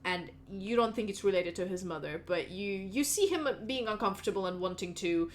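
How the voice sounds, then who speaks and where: A woman's voice: mid-range voice, expressive, brisk, slight background noise. A woman narrating as game master, explaining scenes in a chatty way with many fillers.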